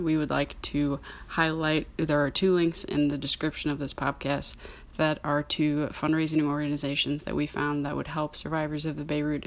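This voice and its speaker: A woman hosting a film podcast, chatting casually and laughing often. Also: low-pitched. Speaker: podcast host. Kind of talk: casual chat.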